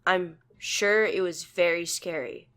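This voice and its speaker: A calm elder leader and preacher with a soft, steady, reassuring way of speaking, voiced by a woman. He keeps his words measured and gentle. He is a storybook elder. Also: fairly low pitch.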